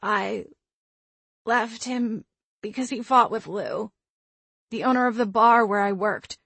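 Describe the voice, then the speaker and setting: A woman's voice: a little high, vocal fry, fairly bright tone, husky, no room sound, exaggerated voice. Woman voicing a weeping young ghost woman. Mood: tearful. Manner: trembling, halting, self-reproaching delivery. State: crying. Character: tearful young female ghost, fragile and remorseful.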